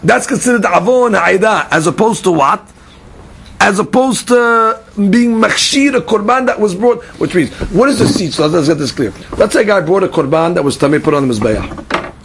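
A man teaching a Talmud lesson in an animated, questioning way, often repeating words and mixing in Hebrew and Aramaic terms. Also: high-pitched, moderate pace, creaky, slight background noise.

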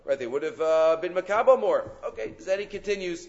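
A man's voice: high voice, expressive, brisk, a little mellow. Man teaching Talmud, dull lo-fi sound. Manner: conversational, frequent "right?" and filler "uh"; mixes Hebrew and Aramaic terms into English. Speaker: Torah teacher. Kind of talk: Talmud lecture.

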